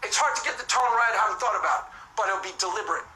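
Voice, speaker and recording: A man's voice: high voice, rapid-fire, sharp tone, a little hiss or hum. A man in a casual, rambling vlog monologue who talks emphatically, repeats himself and keeps swearing to God, recorded with poor sound. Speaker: vlogger. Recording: echoey room, faint music.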